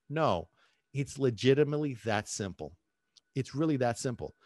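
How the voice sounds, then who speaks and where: A man hosting a podcast as a dog trainer, talking in an animated way, acting out little voices and asking listeners questions. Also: mid-range voice, moderate pace, dry recording, studio quality. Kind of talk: podcast monologue.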